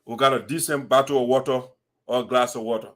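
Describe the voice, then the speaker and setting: A man's voice: mid-range voice, steady tone, fast talker, a bit bright. A man delivering an impassioned, preachy commentary, scolding rhetorically and quoting scripture. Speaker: diaspora community commentator.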